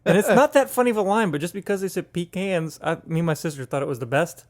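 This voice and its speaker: A man co-hosting a casual podcast, chatty and quick to laugh at his own jokes. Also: high voice. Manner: chatty, laughs often, self-deprecating jokes. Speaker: podcast co-host. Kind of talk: casual chat.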